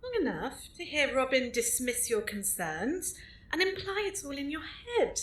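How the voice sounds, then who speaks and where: A woman's voice: high voice, sing-song, measured pace. A woman playing an earnest library supervisor who speaks in a formal, old-fashioned way, recorded in an echoey room.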